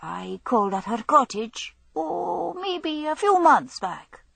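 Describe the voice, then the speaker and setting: A woman's voice: high-pitched, sing-song, slow, gravelly, a bit bright, no room sound, pitched above the performer's own voice, heavily acted. A woman voicing an old bearded male tramp with a Scottish accent, who talks in a wheedling, nervous way with dialect speech.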